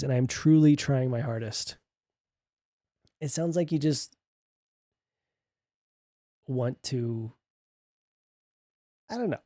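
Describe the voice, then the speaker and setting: A man's voice: mid-range voice, mellow, dry recording, clean studio sound. A man streamer reading online posts aloud and reacting with sarcastic remarks, frequent laughter and swearing.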